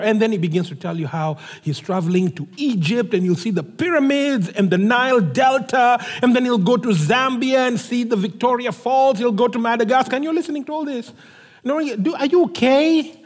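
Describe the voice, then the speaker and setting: A male pastor preaches with a high, lively voice that swings all over as he tells a story and plays both sides of a conversation. The sound carries a long reverb from a church sanctuary. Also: brisk. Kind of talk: sermon.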